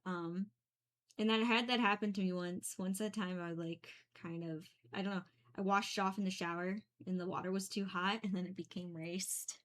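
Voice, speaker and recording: A woman's voice: lowish voice, steady tone, moderate pace, a bit bright. A young woman chatting casually while she paints, rambling with many fillers and small giggles. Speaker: painting streamer.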